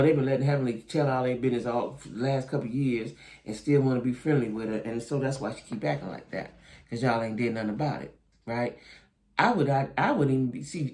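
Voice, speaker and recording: Medium in pitch and darkish in tone, a man's voice carries casual, opinionated video commentary on a reality show. He speaks straight to viewers as "y'all," checking in often with "right?" and "you know what I'm saying?"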